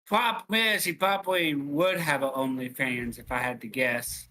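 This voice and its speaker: A man's voice: medium pitch, fairly even intonation, normal speed, sharp tone, slight background noise. A man on a casual podcast, agreeing bluntly and adding sarcastic jabs.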